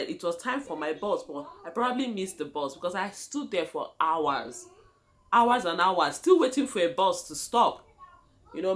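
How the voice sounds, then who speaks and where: A young Nigerian woman vlogger with a Nigerian accent tells her viewers a casual story, laughing often and calling them "guys." Her voice sits at a medium pitch and is a bit bright.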